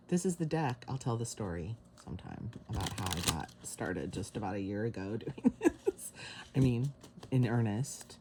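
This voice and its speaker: A woman giving a casual tarot reading to camera, excited and emotional, with sighs. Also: extremely low pitch, slight background noise. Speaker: tarot reader. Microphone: camera mic.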